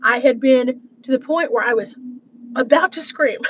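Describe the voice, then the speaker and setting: A woman's voice: sits high, moderate pace, highs cut off, slight background noise. A woman vlogger talking casually on a live stream, rambling and laughing often as she reads out viewer comments. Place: coffee shop.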